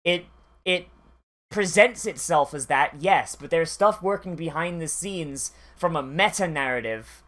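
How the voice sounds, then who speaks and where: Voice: mid-range voice, animated, measured pace, fairly bright tone. An anime reviewer giving casual reaction commentary, rambling and swearing freely, with many fillers and restarts.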